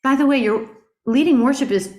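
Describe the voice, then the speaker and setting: A middle-aged woman teaching a Bible study class in an earnest, animated way, asking her group rhetorical questions. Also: high voice, fairly quick. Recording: roomy echo.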